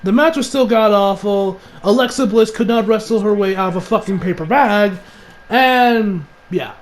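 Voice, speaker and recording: A man giving a ranting wrestling review. He swears constantly and now and then breaks into shouted mocking impressions. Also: high-pitched, normal speed.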